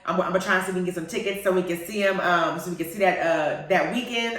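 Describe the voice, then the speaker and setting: A woman hosting a radio show, chatting casually about TV shows in a playful, animated way and laughing often. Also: fairly low pitch, fast. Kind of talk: casual chat reviewing TV shows. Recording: very echoey, far from the mic.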